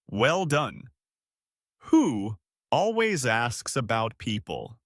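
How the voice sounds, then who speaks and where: Slow, lively-voiced male English teacher. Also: medium pitch, no room sound, clean studio sound. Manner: slow, clear, encouraging repeat-after-me teaching. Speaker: English teacher and podcast host. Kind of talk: scripted language lesson.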